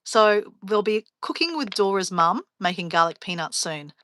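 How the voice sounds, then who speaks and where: A woman travel vlogger chatting on a live stream, her voice bright and forward. She rambles through stories and laughs easily. The sound is close and dry, with no room around it. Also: medium pitch, expressive, moderate pace, no echo. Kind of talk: casual live stream chat.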